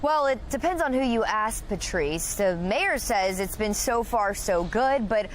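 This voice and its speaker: A woman reporting live on location for a morning newscast, delivering steady explanatory reporting. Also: medium pitch, measured pace, a little hiss or hum. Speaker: field reporter.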